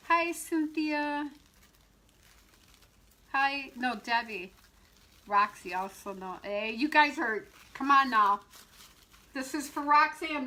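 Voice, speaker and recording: A woman's voice: sits high, sharp tone, low-quality recording. A middle-aged woman and shop owner demonstrating wreath making on a live stream, chatting, laughing and greeting viewers by name as she works.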